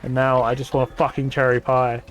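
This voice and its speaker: A man's voice: medium pitch, completely flat delivery, brisk. A man, talking casually on a gaming stream, swearing freely as he rants in exasperation.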